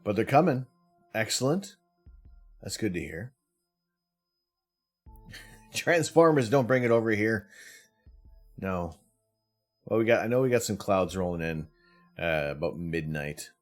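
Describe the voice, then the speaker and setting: A man's voice: fairly low pitch, animated, measured pace, pauses often, faint music behind. A man hosting a live stream, chatting casually with viewers, greeting them by name and laughing often. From Canada. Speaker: livestream host.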